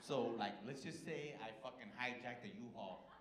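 A man's voice: medium pitch, normal speed. A male stand-up comedian doing brash, profane, teasing crowd work on a club stage. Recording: echoey club with crowd noise.

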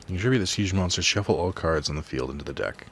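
A man's voice: low voice, animated, fast, fairly bright tone, slight background noise. A man thinking aloud while he plays a card game at home, rambling and reading out card text in casual commentary. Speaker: let's play host. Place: home apartment.

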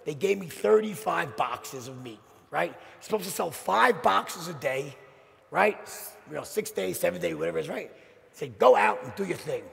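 A middle-aged man giving a motivational sales keynote, telling a story in an animated, punchy way and checking in with the audience with "right?". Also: fairly high pitch, normal speed, vocal fry. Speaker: keynote speaker. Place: large conference hall. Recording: long hall reverb from stage.

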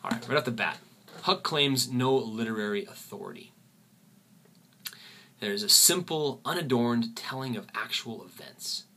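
A man teaching a literature lesson, often pausing and repeating words as he thinks. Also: mid-range voice, animated, sharp tone. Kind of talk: recorded lecture.

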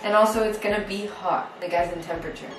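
A woman's voice: mid-range voice, steady tone, fast talker, noisy background. A woman chatting casually to the camera in a vlog at home, giggly and talkative. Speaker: vlogger. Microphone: camera held by someone else. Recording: roomy, camera a bit distant. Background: music playing.

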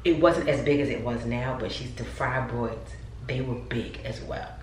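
A woman's voice: a bass voice, moderate pace, a little mellow, far from the mic. A woman talks casually to her viewers in a chatty vlog. She sits upstairs at home, a little away from the mic, with a roomy echo and a faint hiss behind her. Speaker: vlogger.

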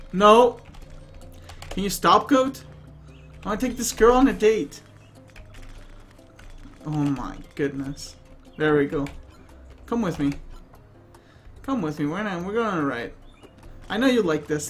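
A man giving playful, excitable let's play commentary and often bursting into laughter. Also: high voice. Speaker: gaming YouTuber.

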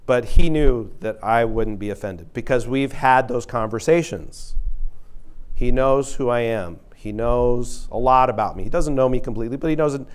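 A man's voice: medium pitch, normal speed, clean tone, low-quality recording. A middle-aged man from Texas is presenting at a diversity workshop in a live room. He has an ordinary mid-range voice and a loose, conversational way of talking. He tells personal stories and stops often to put questions to the audience. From San Antonio, Texas. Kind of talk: interactive diversity workshop talk.

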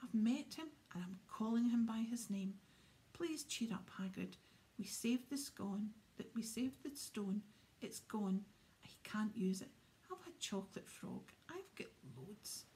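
A woman's voice: a little high, expressive, a little slow, warm tone. A woman voicing an earnest, brave eleven-year-old boy wizard with thoughtful speech in a storybook reading.

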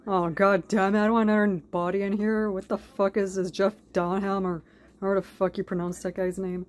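A woman doing an improvised mock-dub over a cartoon, rambling with heavy swearing in a deadpan way. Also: medium pitch, a little fast. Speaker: comedic fan dubber.

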